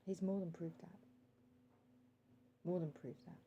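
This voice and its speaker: A woman vlogger speaking earnestly straight to one listener, calling him sir, pausing often with ums and reading out her timer as she goes. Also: lowish voice, steady tone, warm tone, lo-fi sound, slight background noise. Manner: calls out timer readings while talking. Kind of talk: direct-to-camera monologue.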